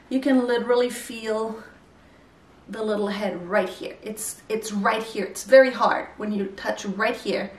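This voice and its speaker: A woman's voice: medium pitch, steady tone, normal speed. A woman in her thirties talking to camera in a casual, candid vlog, a little out of breath. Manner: chatty, candid, mildly breathless. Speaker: vlogger. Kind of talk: casual pregnancy update vlog. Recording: echoey room, voice from far off.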